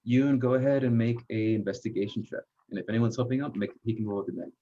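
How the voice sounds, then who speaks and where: A man narrating as game master of a tabletop game, halting, with frequent pauses and fillers. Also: mid-range voice, steady tone, warm tone, a little hiss or hum. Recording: dull lo-fi recording.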